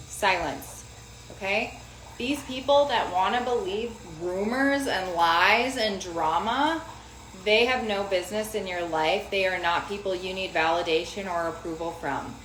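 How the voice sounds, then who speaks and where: A woman's voice: mid-range voice, measured pace. A woman in her forties giving casual self-help advice, emphatic, repeating key phrases and checking for agreement. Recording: roomy sound with faint noise.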